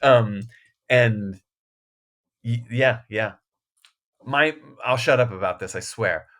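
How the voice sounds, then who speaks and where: Slow and mid-range, with a bit of brightness, this man's voice belongs to a guest author on a relaxed podcast. He's self-deprecating and rambling, full of false starts, and keeps breaking into laughter partway through his thoughts.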